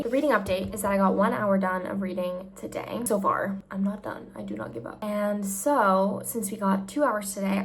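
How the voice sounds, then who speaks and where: A woman vlogging about her reading in casual check-ins, gushing and emotional, full of "like", sometimes dropping to a soft whisper. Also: mid-range voice.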